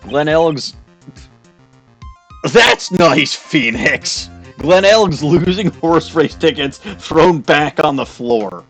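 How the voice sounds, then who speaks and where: A man's voice: fairly high pitch, expressive, slow, a bit bright, soft background music. A man hosting a let's play, reading dialogue aloud and adding sardonic, swearing commentary.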